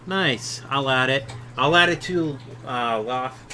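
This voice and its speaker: A man's voice: mid-range voice, takes it slowly, bright, forceful tone, slight background noise. A man from Chicago hosting a casual live stream, reading viewer comments aloud and answering them offhand. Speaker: aquarium channel host.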